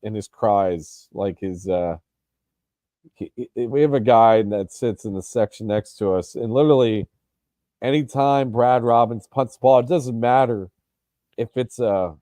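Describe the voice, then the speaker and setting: Mellow-voiced man in casual sports chat. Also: mid-range voice, measured pace, no room sound. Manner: hesitant, lots of restarts and ums. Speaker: podcast co-host.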